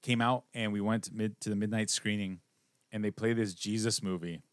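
A man co-hosting a podcast, chatting casually and rambling about movies, with a relaxed, wry sense of humor. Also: on the low side, brisk, smooth, no echo. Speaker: podcast co-host.

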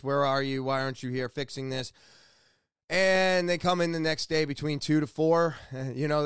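A man's voice: on the high side, fairly bright tone, smooth, no room sound, studio quality. A man telling a rambling, exasperated story about a bad day at his shop, owning up to his own mistakes. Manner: exasperated, rambling, self-deprecating. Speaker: shop worker. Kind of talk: casual storytelling vlog.

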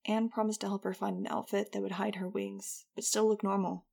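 A woman's voice: mid-range voice, little pitch movement, a little fast, creaky, few pauses, darkish tone, slightly rough. A woman narrating a first-person audiobook in a wry, conversational way.

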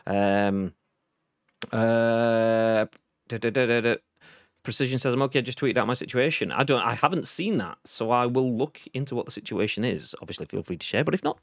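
Chatty man with a lively, low voice. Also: no room sound, studio quality. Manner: chatty, rambling, reads chat messages aloud. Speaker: livestream show host. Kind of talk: casual live-stream chat.

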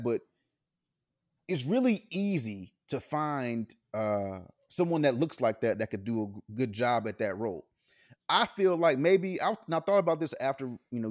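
A man's voice: mid-range voice, no echo, studio quality. A man co-hosting a podcast, speaking bluntly with lots of profanity in casual chat. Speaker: podcast co-host.

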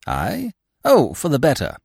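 A bland, inscrutable young man who deflects every jab with calm irony, as a male narrator reads him. The delivery is smooth and lively in pitch, close and dry. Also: unhurried, no room sound, exaggerated voice. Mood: unruffled. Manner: cool, unruffled, ironic. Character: clever young man, bland and quick-witted.

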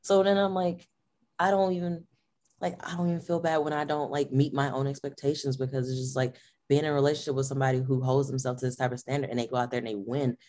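A woman's voice: a bass voice, flat delivery, fast talker, darkish tone. A young adult woman guesting on a podcast, chatting casually and animatedly, acting out her own remarks and laughing often. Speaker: powerlifter guest.

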